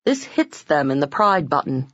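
A woman reading self-help narration from a script, expressive and acting out quoted lines with sudden pitch jumps. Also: moderate pace, highs cut off. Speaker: audiobook narrator.

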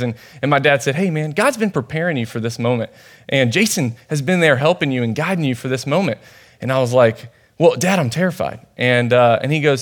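Young male youth pastor, casual chatty sermon, slightly high voice, storytelling with fillers. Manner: conversational, storytelling, many fillers. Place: church.

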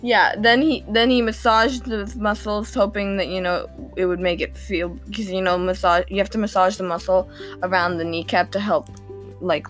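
A teenage girl hosting a podcast, talking through her day in a rambling, self-deprecating way with frequent nervous giggles. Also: mid-range voice. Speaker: podcast host. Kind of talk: casual diary-style monologue.

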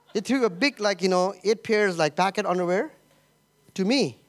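A man's voice: high voice, moderate pace. A man preaching a sermon as pastor, telling a personal story with emotion, laughter and many repetitions.

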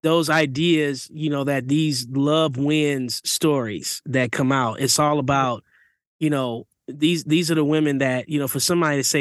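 A man's voice: fairly high pitch, normal speed, a bit bright, no room sound, clean studio sound. A man in casual conversation, talking things through in a reflective way with many fillers. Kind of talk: casual chat.

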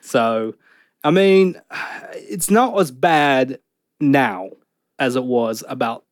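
A man's voice: mid-range voice, lively intonation, takes it slowly, no room sound, clean studio sound. A man co-hosting a podcast, rating a beer in jokey casual banter with frequent laughs and restarts. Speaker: podcast co-host rating beers.

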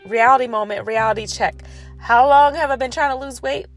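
A woman's voice: on the high side, a little fast, faint music behind. A woman giving a fired-up motivational monologue about weight loss, calling her listeners y'all.

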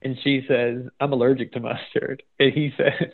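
A man's voice: mid-range voice, little pitch movement, moderate pace, vocal fry. A man hosting a casual chat, reading funny posts aloud and laughing often. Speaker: podcast host. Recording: phone-like narrow sound.

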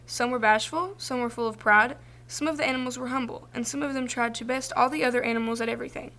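A woman reading a children's folktale aloud, in a clear and expressive storytelling voice. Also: a little high, fast talker.

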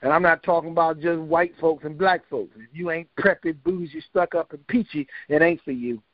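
Older man, folksy joking storyteller, slightly high voice, dry sound. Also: moderate pace, no echo. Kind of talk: casual storytelling. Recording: dull, lo-fi dry recording.

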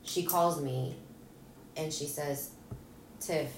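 A woman's voice: deep voice, fairly even intonation, takes it slowly, slight background noise. A woman, an interview guest, telling an emotional personal story bluntly, swearing and acting out what people said. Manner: raw, blunt, swears, acts out dialogue. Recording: roomy echo, distant mic, faint ambience.

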